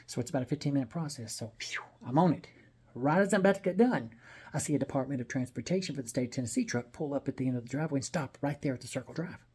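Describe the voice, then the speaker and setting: A man rattles through a personal story at a quick clip, blunt and salty, with plenty of rambling asides. His voice is husky and dark-toned. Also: mid-range voice. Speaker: vlogger telling a personal story. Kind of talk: casual storytelling monologue.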